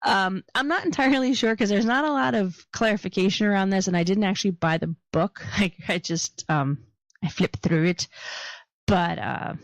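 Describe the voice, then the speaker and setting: This woman speaks at medium pitch and a normal pace in a dry recording. She's a Philadelphia-accented podcast co-host who keeps the casual chat light, cracking jokes and laughing a lot.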